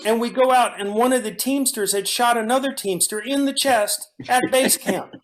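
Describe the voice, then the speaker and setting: A man with a notably high voice spins lively anecdotes as a guest, circling back and restarting mid-thought. He sounds loose and conversational, and his stories keep tumbling forward. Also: moderate pace. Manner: animated storyteller, frequent restarts. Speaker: actor guest. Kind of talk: casual storytelling in a conversation.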